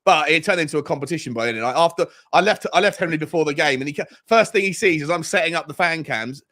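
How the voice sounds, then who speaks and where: A young man co-hosting a football fan livestream, relaxed and upbeat, often restarting his sentences. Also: fairly high pitch, fast. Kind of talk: casual chat.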